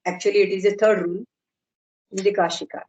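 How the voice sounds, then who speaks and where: A middle-aged woman lecturing on a video call, explaining slowly and carefully and drawing out technical terms. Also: medium pitch, flat delivery, a little mellow, muffled recording. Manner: measured, explanatory, slow on terms. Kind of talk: online academic lecture.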